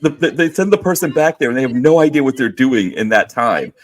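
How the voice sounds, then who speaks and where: A man's voice: mid-range voice, animated, brisk. Middle-aged guy rambling on a podcast, lots of you-know and like, bouncy voice. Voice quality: rambling, heavy on fillers, laughing agreement. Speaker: podcast co-host. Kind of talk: casual chat.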